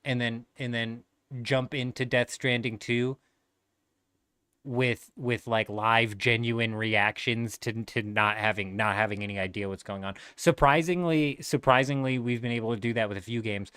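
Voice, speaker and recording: A man's voice: mid-range voice, moderate pace, fairly bright tone, clean tone, no room sound, clean studio sound. A man in his thirties chatting casually on a gaming livestream, laid-back and rambling, swearing freely.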